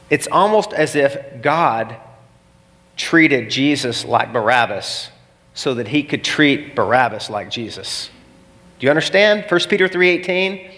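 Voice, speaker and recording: A man's voice: mid-range voice, fairly bright tone. A man preaching a sermon, telling the story dramatically and acting out the scenes. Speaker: pastor. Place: church. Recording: long reverb of a church hall.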